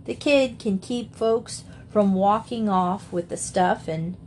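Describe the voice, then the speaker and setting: A woman's voice: medium pitch, slow, a little mellow, a little hiss or hum, natural voice. A woman reading the part of a cheerful young man who teases and laughs as he talks, in a storybook reading. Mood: jovial teasing. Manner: jovial, teasing.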